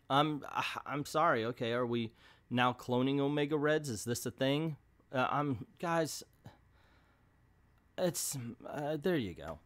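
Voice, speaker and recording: A man's voice: on the high side, expressive, unhurried. A middle-aged man hosting a casual comic book review, rambling and hesitant with bursts of exasperated, joking complaint. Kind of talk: casual video review monologue.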